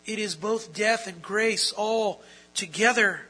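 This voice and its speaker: A pastor delivering an earnest sermon in a high, piercingly bright voice. He poses rhetorical questions to the congregation and climbs into loud, forceful passages. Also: takes it slowly, slightly rough, rough recording. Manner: earnest preaching, rising to loud emphatic stretches; asks the audience rhetorical questions. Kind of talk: expository sermon.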